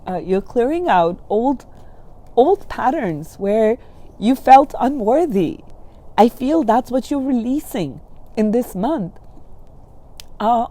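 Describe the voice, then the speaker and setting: A woman giving a gentle spiritual tarot reading, soothing and reassuring, often checking in with the listener. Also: mid-range voice. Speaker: tarot reader.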